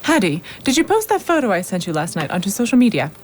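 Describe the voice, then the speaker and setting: A woman's voice: medium pitch, big pitch swings, fast, noisy background, close to an everyday voice. An actress playing a pompous, self-important woman who runs a construction company, in a children's radio drama. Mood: bossy. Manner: bossy, self-important, showy. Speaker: company manager.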